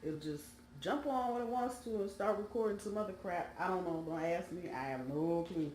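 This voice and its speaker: A woman's voice: lowish voice, moderate pace, darkish tone, roomy sound, a little hiss or hum. A woman giving a casual, rambling tarot reading, talking straight to her viewers with emphasis, recorded on a phone microphone. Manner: chatty, rambling, emphatic direct address. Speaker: tarot reader.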